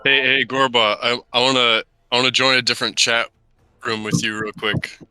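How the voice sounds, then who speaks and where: A man's voice: mid-range voice, level tone, normal speed, bright, forceful tone, clean tone, dry recording, soft background music. A man playing a tabletop game online, talking in a laid-back, hesitant way. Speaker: player. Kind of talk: casual chat while playing a tabletop game.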